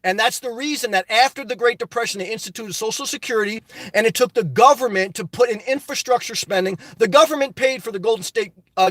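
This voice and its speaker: A man's voice: sits high, a bit bright, dry recording. A middle-aged man hosting a live stream, reading viewer comments aloud and answering them in passionate, ranting casual talk. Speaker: livestream host. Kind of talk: casual live-chat reply.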